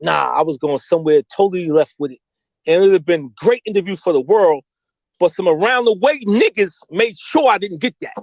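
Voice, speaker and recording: A man's voice: high-pitched, fairly quick, no echo, poor audio. A middle-aged man, telling street stories candidly and with lots of slang as an interview guest. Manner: animated, slangy, mimics voices when quoting.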